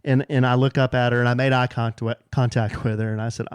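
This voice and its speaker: A middle-aged man co-hosting a podcast, telling a story in casual chat and jumping up high whenever he quotes someone. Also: fast talker, few pauses, smooth, no echo. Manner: animated, jumps high when quoting people. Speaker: podcast co-host.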